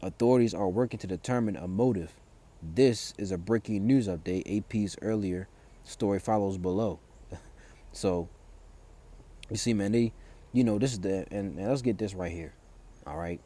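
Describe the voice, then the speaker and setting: A man preaching in an informal style, reading scripture and news aloud and then explaining it in loose, halting speech full of fillers and restarts. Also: fairly low pitch, dark tone. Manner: reads verses aloud, then explains them.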